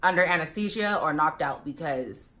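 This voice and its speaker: A young woman talks in a chatty, rambling way to her viewers, tossing in plenty of fillers and calling them you guys. Her voice sits on the lower side for a woman. It has the loose, unscripted feel of a get-to-know-me vlog. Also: expressive, moderate pace, bright, forceful tone. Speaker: vlogger. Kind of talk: casual get-to-know-me chat.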